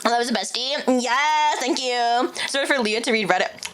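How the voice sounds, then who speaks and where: A woman's voice: a little high, moderate pace, fairly bright tone. A woman VTuber chatting casually on a livestream, swearing freely and laughing often. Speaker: VTuber streamer.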